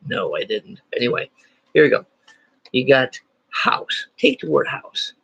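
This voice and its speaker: Gravelly man teaching with jokey asides. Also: mid-range voice, animated, a little slow, a bit bright, dry recording. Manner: jokey, self-deprecating asides. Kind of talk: playful classroom lesson. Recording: dry, dull lo-fi sound.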